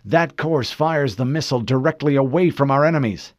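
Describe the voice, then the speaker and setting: A man's voice: mid-range voice, brisk, darkish tone, no echo, clean studio sound, voice pushed up, natural voice. A man doing a panicky, strained lieutenant. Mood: panicked. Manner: strained, pleading.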